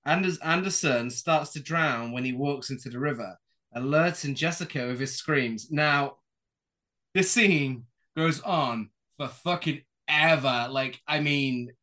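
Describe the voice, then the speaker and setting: A man with a fairly high voice talks through a horror film's plot on a casual podcast. He swears freely and trips over his words now and then, then pushes on with the recap. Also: measured pace, bright, forceful tone. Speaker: podcast host recapping the film.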